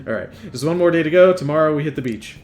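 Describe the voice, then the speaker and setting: A man's voice: a little high, animated, fairly quick, a little mellow, slight background noise. A man playing a game and talking over it with crude jokes and lots of swearing. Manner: crude, joking, swears a lot. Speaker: let's player. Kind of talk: gaming commentary.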